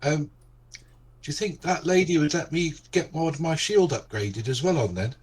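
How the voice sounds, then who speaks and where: A man's voice: on the high side, normal speed, darkish tone, husky, rough recording. A man playing a tabletop game, hesitant and full of ums and restarts. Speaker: player.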